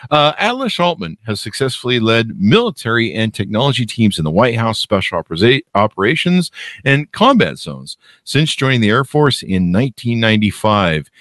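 A man's voice: medium pitch, sing-song, moderate pace, fairly bright tone, dry recording, studio quality. A man hosting a podcast in casual, joking chat, rambling with lots of fillers. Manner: jokey and rambling, with many fillers. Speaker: podcast host.

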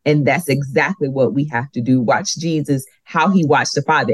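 A woman's voice: low voice, normal speed, few pauses, dry recording, rough recording. A woman co-teaching a Bible study lesson, speaking earnestly and stressing and repeating her key points.

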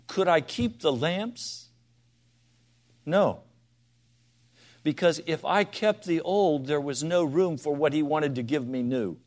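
Man preaching, moving between hush and emphasis. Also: a little high, takes it slowly, pauses often. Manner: swings between soft, quiet asides and loud, emphatic exhortation; asks the listeners direct questions. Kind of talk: sermon.

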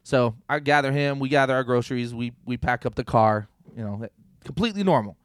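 Young male podcast co-host, mid-pitch, loose storyteller, swears a lot, dry close sound. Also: fairly quick, smooth, no echo. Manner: animated storyteller, swears freely, acts out quoted thoughts. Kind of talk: casual storytelling chat.

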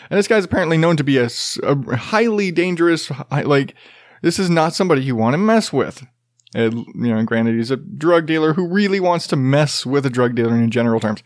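A man's voice: on the high side, no room sound, studio quality. A man hosting a casual news commentary show, rambling and profane, with jokey asides.

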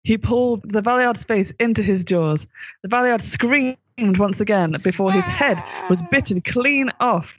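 A man's voice: high voice, unhurried, husky, no room sound. A man reading out a gory comic fan story, giggling now and then and putting on voices.

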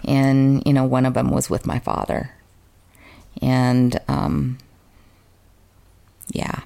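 Very low-voiced woman, earnest storyteller. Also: completely flat delivery, takes it slowly, gravelly, mellow. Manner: earnest, open and emotional, sometimes self-mocking. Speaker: guest. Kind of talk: candid personal storytelling in an interview.

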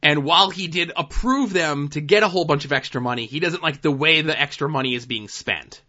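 A man's voice: a little high, fairly quick, pushed and bright, dull audio. A man co-hosting a casual podcast, recapping TV episodes in a laid-back, dry way with plenty of fillers. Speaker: podcast co-host.

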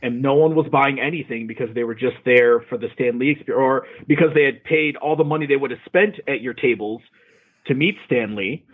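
Husky man on a tinny line. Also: medium pitch, a little fast. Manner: casual, swears freely. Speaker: podcast co-host. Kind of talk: casual chat.

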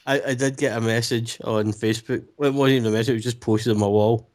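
A man's voice: medium pitch, steady tone, quick pace, darkish tone. Laid-back Scottish man, podcast co-host. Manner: laid-back, swears freely, laughs often. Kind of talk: casual film commentary chat. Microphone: home podcast mic.

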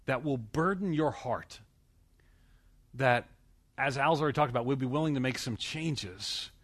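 Animated man telling a story. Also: mid-range voice. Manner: animated, anecdotal, many fillers and restarts. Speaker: conference speaker. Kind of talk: conference talk with personal storytelling.

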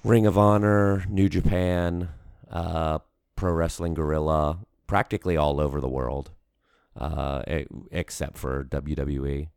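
Extremely low in pitch, he keeps a level tone and a measured pace, his voice darkish and clean. The studio sound is clean with no room sound. He's a podcast co-host chatting casually, rambling with many fillers and restarts.

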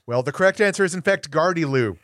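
A man hosting a word quiz on a casual podcast, playful and reading out each option slowly. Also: fairly high pitch, expressive, a bit bright, dry recording, studio quality.

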